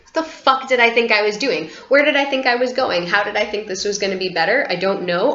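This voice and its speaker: A woman's voice: medium pitch, fairly bright tone. A woman vlogger telling a personal story to camera in a candid, rambling way, with many "like" fillers and free swearing. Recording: roomy, dull lo-fi home recording.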